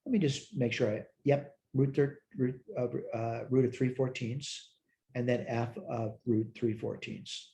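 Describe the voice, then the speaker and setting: A tired male math instructor records a lecture, thinking aloud while working problems, correcting himself and answering his own questions. His mid-range voice is steady and a little slow, with vocal fry and a warm tone.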